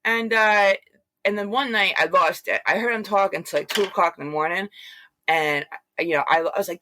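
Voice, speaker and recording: A woman recounts her story as an interview guest, talking in a loose, rambling way with plenty of fillers and acted-out quotes. Her voice is bright and forceful. The sound is dry and close, with no room echo. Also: medium pitch, brisk. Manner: rambling, animated retelling with many fillers. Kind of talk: casual storytelling.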